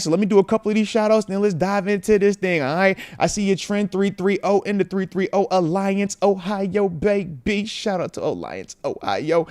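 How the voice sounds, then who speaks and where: A man in his thirties hosting a casual livestream from home, animated as he reads out fan messages. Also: high voice, no room sound, clean studio sound. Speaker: host.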